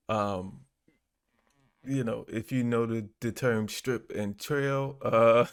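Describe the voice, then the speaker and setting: A man hosting a casual commentary channel, reacting to clips in a relaxed, chuckling, halting way. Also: medium pitch, clear, resonant tone. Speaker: host.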